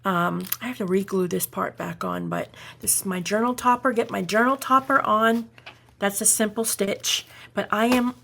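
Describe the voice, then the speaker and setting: A woman's voice: medium pitch, moderate pace, gravelly, sharp tone, a little hiss or hum. A woman hosting a craft tutorial, chatting enthusiastically as she demonstrates each step. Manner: chatty and enthusiastic, narrating her steps. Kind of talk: casual hands-on craft demonstration.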